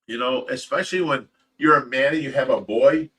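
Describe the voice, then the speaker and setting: A man's voice: medium pitch, fairly quick, fairly bright tone, recorded from a distance. A man hosting a casual livestream, talking in an emotional, rambling way with repeated words and swearing. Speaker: host of a fish rescue livestream.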